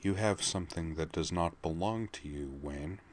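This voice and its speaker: A man voicing a young female vigilante who speaks quietly and slowly with cold menace. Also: sits low. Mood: menacing. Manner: quiet, slow and threatening.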